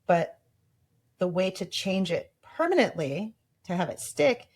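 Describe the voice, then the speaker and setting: Low-voiced woman talking reflectively. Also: big pitch swings, unhurried, darkish tone, husky. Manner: reflective, acts out inner voices in quotes. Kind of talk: casual podcast conversation.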